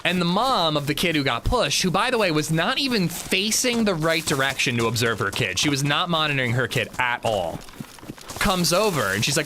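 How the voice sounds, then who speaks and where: Male streamer, chatty storyteller, animated and bright, faint background hiss. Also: on the high side, brisk. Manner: chatty storytelling, swearing, acting out quotes. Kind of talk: casual livestream chat while gaming.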